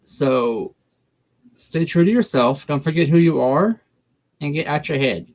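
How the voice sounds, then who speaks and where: A man's voice: on the high side, a little slow. A man who reads tarot in a blunt, folksy, encouraging way. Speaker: guest tarot reader. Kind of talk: casual chat and tarot reading.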